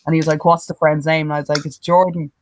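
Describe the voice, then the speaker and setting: Low-voiced and fast-talking, this Irish woman, a young podcast co-host, spins an anecdote full of swearing, with a little background noise behind her. She mimics the others in the story, quoting them with lively energy in a relaxed chat.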